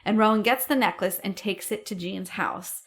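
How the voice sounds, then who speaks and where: A woman co-hosting a podcast, telling a history story in a casual, animated way, acting out quotes and swearing now and then. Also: medium pitch, moderate pace. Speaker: podcast co-host.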